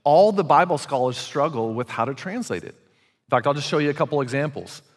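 A pastor preaching a conversational sermon, speaking animatedly and calling on the congregation to respond. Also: male voice, on the high side, fairly quick. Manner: animated, conversational preaching with audience call-outs. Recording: long hall reverb.

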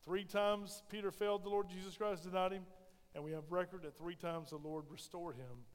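A male pastor preaching a sermon in a church, building emphasis and then dropping soft. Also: sits high, steady tone, normal speed, in a large hall. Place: church sanctuary.

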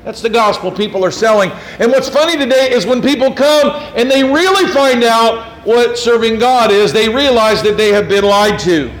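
A man preaching a sermon in an animated way, acting out quotes and tossing in rhetorical asides. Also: very high voice, moderate pace, hardly any pauses. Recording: roomy hall, faint room noise.

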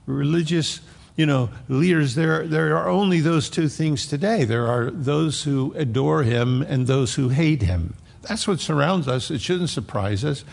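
A pastor with a gravelly voice preaches in a relaxed, conversational way. He slips into quick character voices for the people in his stories. His voice rings out with a long reverb, as though he is speaking in a large sanctuary. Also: fairly high pitch. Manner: conversational, acts out quoted voices. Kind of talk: sermon.

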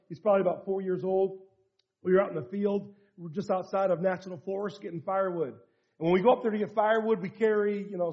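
A man's voice: sits high, highs cut off. A man preaching as a pastor, quoting scripture and telling a story from his family life in an earnest sermon. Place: church rally hall.

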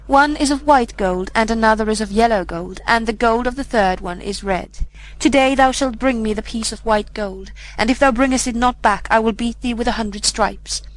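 A woman voicing an old, evil male magician who gives slow, stern orders in an audiobook reading. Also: a little high, natural voice, poor audio. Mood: commanding.

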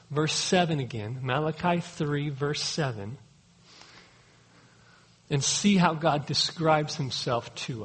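A middle-aged man delivers a sermon with earnest emphasis and pleading repetition. His voice sits a little high and sounds husky. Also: rough recording. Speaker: pastor.

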